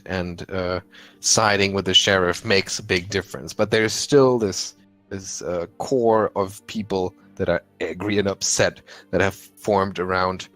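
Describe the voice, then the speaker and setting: A man runs a tabletop game session, narrating at a slow, unhurried pace. He hesitates often and fills gaps with fillers. Faint music plays in the background. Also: sits low, a bit bright. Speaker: game master.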